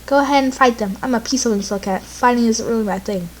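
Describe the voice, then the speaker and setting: A woman voicing a hefty male slugcat creature in a game, speaking in a calm, frank, matter-of-fact way. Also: fairly high pitch, fast talker, a little hiss or hum, lightly acted, poor audio.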